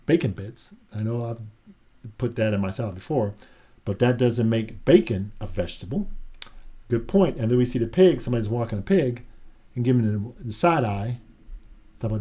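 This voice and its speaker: A man reads a children's picture book aloud in a relaxed, chatty way. He breaks off between pages to comment on the pictures. His voice is mellow and mid-pitched. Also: moderate pace, pauses often, breathy edge. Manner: chatty, adds asides and laughs between pages.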